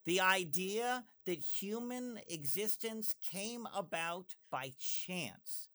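Guy with a high bright voice, rattling on with lots of asides. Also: clean tone. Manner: animated, fast asides and self-interruptions. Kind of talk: conversational discussion.

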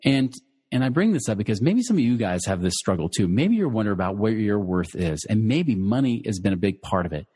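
A middle-aged man speaks in a breathy, husky voice that sits a little low. He talks loosely and conversationally, with plenty of fillers and restarts, while sharing a personal story with listeners. A long reverb tail hangs on his words. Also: sing-song, a little fast, dark tone. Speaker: financial educator.

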